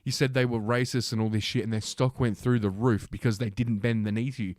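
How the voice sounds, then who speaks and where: Low-voiced man ranting sarcastically. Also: steady tone, brisk, a little mellow, no echo, clean studio sound. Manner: sarcastic, profane and combative. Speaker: livestream host. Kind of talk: ranting commentary while reading news aloud.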